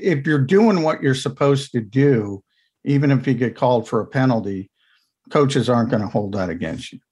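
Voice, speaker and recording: A man analyzing his team's games in a casual podcast chat, explaining things in quick, talkative runs with asides. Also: medium pitch. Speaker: team insider analyst.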